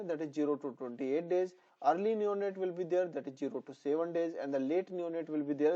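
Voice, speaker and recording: A man teaching a pediatrics lesson, repeating terms over and over for memorization, his voice a little hoarse. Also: a little high, warm tone. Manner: repetitive, drilling terms for memorization. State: voice slightly hoarse. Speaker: nursing exam tutor. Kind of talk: online lecture. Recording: dull lo-fi sound.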